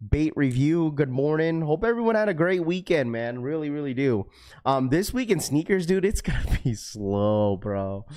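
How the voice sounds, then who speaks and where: A man's voice: fairly high pitch, expressive, normal speed, darkish tone. A man hosting a casual livestream, greeting viewers by name. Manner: laid-back, many fillers, greets viewers by name. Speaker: livestream host.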